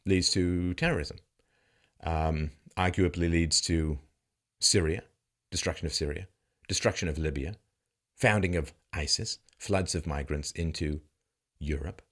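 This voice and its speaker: A man's voice: low-pitched, a little slow, long pauses, fairly bright tone. A man delivering a political commentary monologue, mocking and sarcastic, firing off heated rhetorical questions. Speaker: commentary host.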